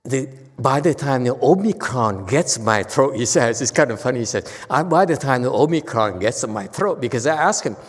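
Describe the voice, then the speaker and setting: A man giving a casual Buddhist dharma talk as teacher, chatty and teasing, laughing often. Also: medium pitch. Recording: reverberant hall.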